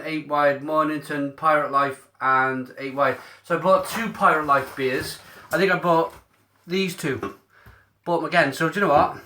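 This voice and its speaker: A beer reviewer runs a casual live stream, speaking directly into his mobile phone camera. His slightly high voice comes across bright and forceful, and he keeps things chatty and upbeat while answering viewer comments aloud.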